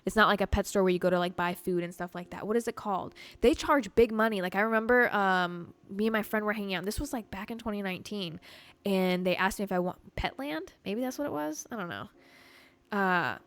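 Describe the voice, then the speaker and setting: Animated swearing woman podcast host. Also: mid-range voice. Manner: animated, swears often, heavy "like" filler. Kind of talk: casual storytelling chat.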